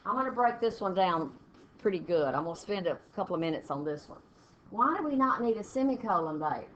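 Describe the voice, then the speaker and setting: A woman English teacher, walking a class through test punctuation questions step by step and reading example sentences aloud with pauses. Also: mid-range voice, animated, a bit bright. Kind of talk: classroom test-prep lesson. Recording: dull lo-fi classroom recording with faint noise.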